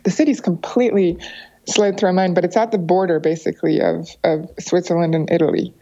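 A young woman telling a travel story in casual conversation. She talks in an animated way and acts out the other people's lines in a higher voice. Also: brisk. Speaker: guest storyteller. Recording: slightly dull lo-fi sound.

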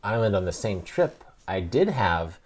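A man's voice: on the low side, very animated, a little slow. Reflective man hosting a podcast. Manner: reflective, thoughtful storytelling. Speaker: podcast host. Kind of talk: casual conversation.

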